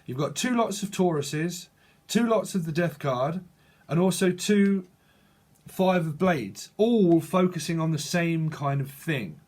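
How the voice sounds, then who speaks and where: A man gives a channeled psychic tarot reading, speaking to the viewer and often halting and restarting. His voice is a little high, expressive and darkish in tone.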